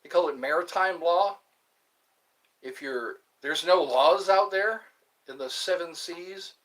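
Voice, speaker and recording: A man chatting alone on a livestream, rambling slowly from thought to thought with the odd laugh. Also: a little high, fairly bright tone. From US East Coast. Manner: slow, meandering, talks to himself, laughs. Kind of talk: rambling solo livestream chat.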